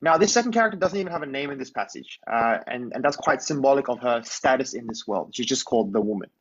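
A man of middle pitch preaches in a relaxed, conversational way. He retells the story vividly and keeps checking in with "right?" The recording sounds somewhat dull and lo-fi. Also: quick pace, breathy edge. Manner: storytelling, asks listeners to imagine, often adds "right?". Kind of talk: conversational sermon.

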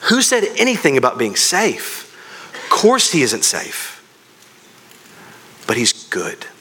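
A man's voice: medium pitch, wildly swooping pitch, takes it slowly, pushed and bright, husky, heavily acted. A man reading an insistent talking beaver. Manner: emphatic, insistent. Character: talking male beaver from a storybook, emphatic.

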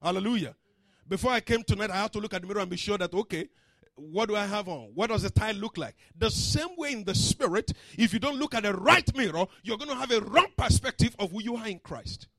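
High-voiced preacher swinging soft to loud. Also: male voice, lively intonation, fast talker, no room sound. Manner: dramatic, swings from soft to shouting, acts out story voices. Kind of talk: sermon. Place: church service.

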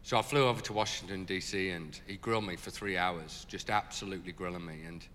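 A man telling stories in an interview as a charity leader, animated and full of fillers. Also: low voice, quick pace, big-room sound, slight background noise. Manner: animated, lots of fillers, laughs as he tells it. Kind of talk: storytelling in an interview.

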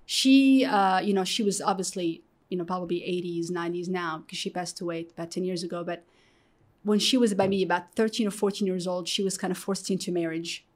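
A woman's voice: fairly low pitch, a little fast. A middle-aged woman from Morocco, speaking as an interview guest, telling her personal story candidly and acting out the voices of people she quotes. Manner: animated, acts out quoted voices, fillers like "you know".

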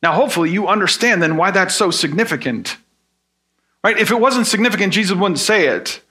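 A man's voice: high voice, expressive, a little fast, sharp tone, husky. A man preaching a sermon in an earnest tone. He explains with everyday examples and asks rhetorical questions. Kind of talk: sermon teaching.

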